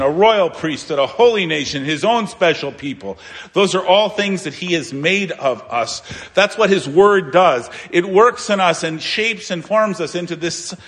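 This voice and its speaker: A man's voice: on the high side, fairly bright tone. A man preaching a sermon as pastor, emphatic, asking rhetorical questions and repeating phrases.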